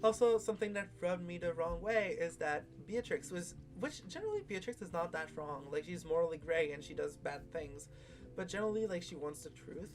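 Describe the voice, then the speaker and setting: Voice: medium pitch, brisk. Chatty host rambling through a show recap. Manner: rambling, many fillers, animated opinions. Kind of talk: casual video discussion.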